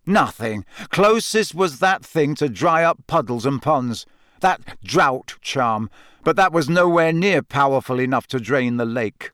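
A man voicing a blunt teenage boy who speaks flatly, in a storybook reading. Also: a little high, normal speed, no echo, studio quality, pitched above the performer's own voice. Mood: glum. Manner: flat, blunt.

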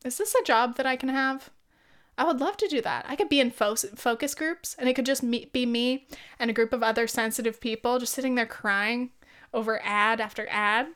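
Chatty young woman with a smooth voice. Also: fairly high pitch, a little fast, a bit bright. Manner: chatty, swears freely, laughs often. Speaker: podcast host. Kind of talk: casual solo podcast chat. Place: lives in the UK.

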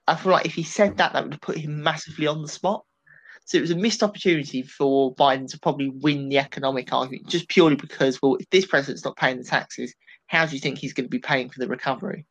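Man giving animated political takes. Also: fairly high pitch, fast, rough recording. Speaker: political commentator. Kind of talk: casual podcast discussion.

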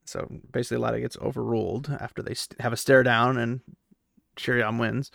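A man's voice: medium pitch, little pitch movement, a little fast, gravelly, a bit bright, no echo, studio quality. A man casually recapping a fantasy novel, chatty and opinionated, acting out characters' lines as he goes. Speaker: book recap commentator.

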